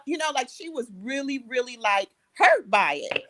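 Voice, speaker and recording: Woman, high pitch, animated storyteller on a group podcast. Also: brisk, rough recording. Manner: animated storyteller, acts out quoted relatives. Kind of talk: casual storytelling in group chat.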